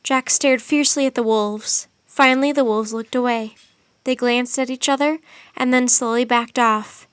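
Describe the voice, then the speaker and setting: Expressive woman reading a children's story. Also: fairly high pitch, moderate pace, clear, resonant tone, no room sound. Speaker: narrator. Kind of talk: audiobook narration.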